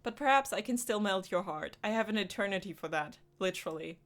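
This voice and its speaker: This is a woman reading an ancient male demon king from a visual novel. He is grandiose and flirtatious, and his speech is flowery, theatrical and teasing. The voice sits at an ordinary, middling pitch. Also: lively intonation, fairly quick, close to an everyday voice. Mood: amused.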